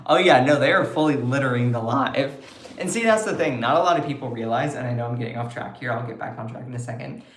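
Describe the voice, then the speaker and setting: A man's voice: medium pitch, fast talker, roomy sound, a little hiss or hum. A man doing casual political commentary on a livestream, chatty and sarcastic as he answers comments from his chat.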